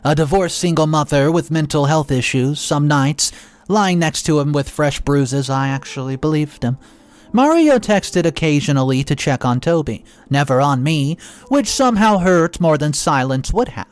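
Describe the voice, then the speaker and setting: A man narrating a first-person story in an expressive, dramatic reading with occasional restarts. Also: fairly high pitch, normal speed.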